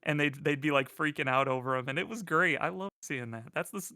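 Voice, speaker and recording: A man with a bright, forceful voice co-hosting a casual livestream, recorded dry and close. He rambles through a story with plenty of fillers and gets animated when he quotes people. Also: on the high side, fast, no echo. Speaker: co-host.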